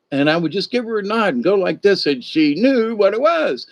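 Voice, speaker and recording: Telling a meandering, folksy story full of asides, an older man on his livestream sounds very animated, with a high-sitting voice, normal speed, and few pauses. The lo-fi recording is dull and dry, with no echo.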